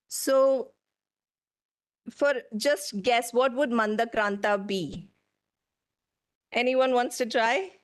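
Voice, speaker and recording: A woman giving a lecture to an audience, explaining slowly and putting questions to the room. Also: mid-range voice.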